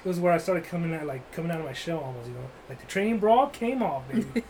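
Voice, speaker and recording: A man's voice: a little high, lively intonation, quick pace, a little mellow, slight background noise, poor audio. A man telling a rambling, crude, joking story in casual chat, full of "like" and restarts.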